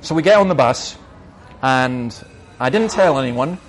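A man's voice: medium pitch, animated, unhurried, slight background noise. A middle-aged man, a minister, answering questions in an emphatic, argumentative way and telling anecdotes.

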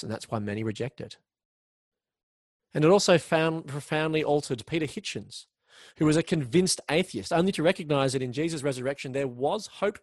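A man preaching a sermon in an earnest way, slowing down to stress key words. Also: mid-range voice, no echo, clean studio sound. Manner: earnest, slows down for emphasis, occasional restarts.

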